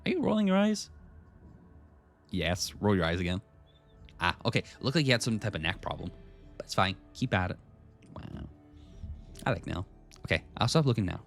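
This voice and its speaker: A man streams a game live, reading its text aloud and chatting casually with viewers, greeting people in chat by name. He talks a little fast with vocal fry and lively pitch, pausing often, with faint music in the background.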